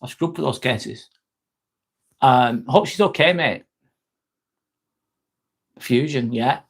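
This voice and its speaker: A man's voice: medium pitch, slow pace, creaky, slightly rough. A man hosting a casual live stream, joking, laughing often and answering chat comments.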